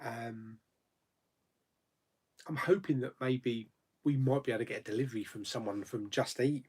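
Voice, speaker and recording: A man's voice: medium pitch, normal speed, pauses often, darkish tone, husky. A man hosting a casual live chat, reading viewer comments aloud and answering them with frequent laughs. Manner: chatty, laughs often, reads comments aloud then answers. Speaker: YouTube host.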